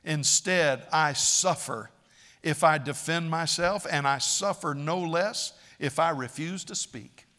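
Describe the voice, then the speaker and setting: A man's voice: a little high, takes it slowly, pushed and bright. A man preaching a sermon, dramatic and emphatic, acting out quoted speakers with a raised voice. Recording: long reverb of a large hall.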